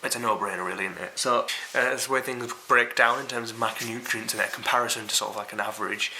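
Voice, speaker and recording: A man's voice: medium pitch, steady tone, fast, pushed and bright, a little hiss or hum, rough recording. A young man with a Yorkshire accent giving a casual, rambling and sweary food review to camera. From Yorkshire, England.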